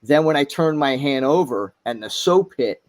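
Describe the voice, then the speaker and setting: A middle-aged man talking as a podcast guest, halting, with many fillers and restarts. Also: medium pitch, expressive. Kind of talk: casual chat.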